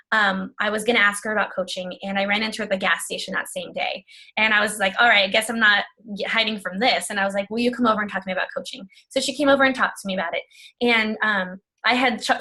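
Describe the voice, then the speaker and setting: A woman's voice: mid-range voice, sharp tone. A woman telling her coaching story on a video call, chatty and emotional, often quoting herself and others. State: tearful at times. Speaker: fitness coach. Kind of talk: personal testimony on a video call.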